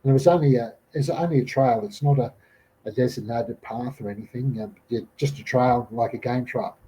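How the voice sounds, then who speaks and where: Rambling Australian man, husky and dark. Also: medium pitch, fairly quick, muffled recording. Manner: rambling, many fillers and restarts, quotes people in raised voices. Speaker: podcast guest recounting an encounter. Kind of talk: casual storytelling.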